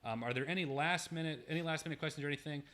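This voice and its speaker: A man's voice: fairly high pitch, very fast, fairly bright tone. A young man hosting a casual livestream, gratefully reading viewer messages aloud with frequent restarts. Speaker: livestream host.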